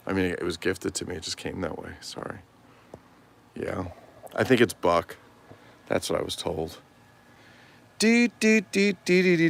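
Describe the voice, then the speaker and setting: A man's voice: low voice, gravelly, a little hiss or hum. A tired man chatting casually and rambling on a livestream, swearing freely. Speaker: toy collector livestream host.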